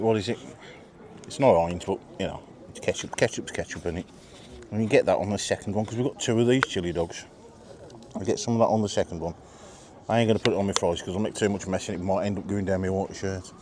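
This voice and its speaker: A British man with a fairly low voice hosts a casual food vlog at a marina, rating what he eats and bantering between bites. His talk is chatty and jokey, recorded outdoors. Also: steady tone, fast, long pauses, crowd noise. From Britain. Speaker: vlog host.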